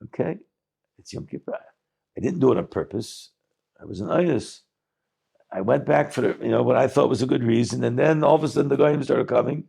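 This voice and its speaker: A rabbi giving a talk, telling a story in animated English sprinkled with Yiddish words and frequent restarts. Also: male voice, mid-range voice, brisk, gravelly, husky.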